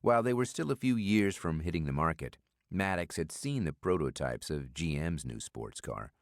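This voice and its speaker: A man narrating a thriller audiobook with a steady, measured delivery. His voice is very low. The recording is dry and close, with no room sound. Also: no room sound. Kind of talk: scripted narration.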